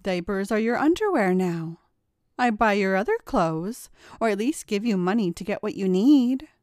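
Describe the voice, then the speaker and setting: A woman reading the part of a gentle middle-aged stepmother, soft, patient and motherly. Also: medium pitch, animated, normal speed, dry recording, clean studio sound, natural voice. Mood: reassuring.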